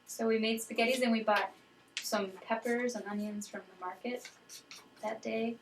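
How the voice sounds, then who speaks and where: A woman's voice: on the high side, steady tone, moderate pace, slight background noise. A woman chatting casually about a trip on a home video, finishing her partner's sentences. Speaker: traveler recounting a trip. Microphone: camcorder mic. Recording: roomy home camcorder audio from a distance.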